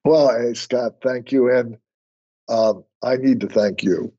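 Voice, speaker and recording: An older man, a podcast guest, chatting casually and telling stories with lively quoted dialogue. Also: mid-range voice, slow. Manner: storytelling, animated when quoting others. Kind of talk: conversational interview. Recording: muffled lo-fi remote audio.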